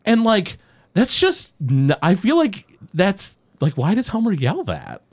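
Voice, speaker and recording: A man recapping a cartoon episode in casual podcast chat, rambling and halting with many fillers. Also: high voice, huge pitch swings.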